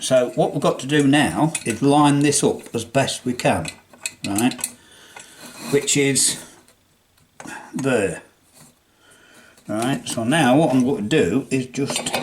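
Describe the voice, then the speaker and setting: An older English man talks through a workshop demonstration at an unhurried, slow pace, his voice sitting at an ordinary middle pitch. He chats as he works, talking himself through each step, with faint clinks of metal tools in the background. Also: background noise. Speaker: hobbyist restorer. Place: home workshop.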